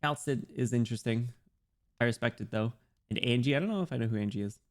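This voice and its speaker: A man's voice: medium pitch, fast. Chatty young man streaming a game. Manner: chatty, laughs often, reads chat aloud. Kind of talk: casual live-stream chat.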